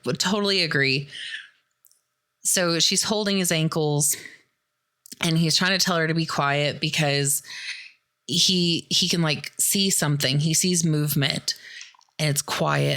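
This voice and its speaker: A woman's voice: deep voice, steady tone, unhurried, bright, forceful tone. A young adult woman hosting a podcast, casually recapping a horror film in a chatty way, full of "like" and "dude". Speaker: podcast host.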